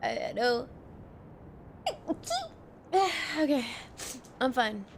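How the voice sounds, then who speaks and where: A woman streamer talks her way through a game, giggling and swearing as she muses aloud. Her voice sits high. A faint hiss sits under the casual commentary. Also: lively intonation, normal speed.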